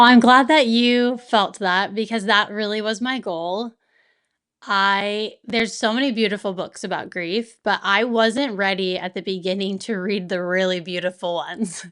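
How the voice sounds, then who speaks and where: A woman guest speaking in an interview, open and reflective, often laughing softly as she talks. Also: medium pitch, smooth. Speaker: author and guest. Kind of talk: candid interview conversation.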